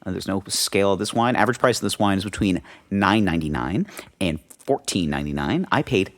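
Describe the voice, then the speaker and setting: A man's voice: low voice, a little fast. A man co-hosting a casual podcast, joking and swearing freely as he tells stories. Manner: joking, swears freely, animated storyteller who slips into mock voices. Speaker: podcast co-host. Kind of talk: casual chat.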